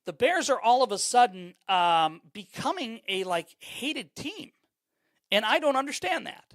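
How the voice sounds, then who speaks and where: A man's voice: very high voice, very animated, unhurried, a bit bright, no room sound. Rambling male sports podcast host. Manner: rambling, repeats words, many fillers; greets chat viewers by name mid-thought. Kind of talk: live-streamed sports talk.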